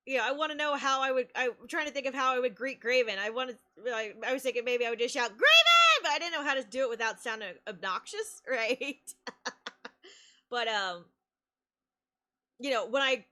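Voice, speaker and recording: A woman streamer tells a story in casual chat, animated and laughing often, breaking into sudden excited shouts. Her voice is a little high.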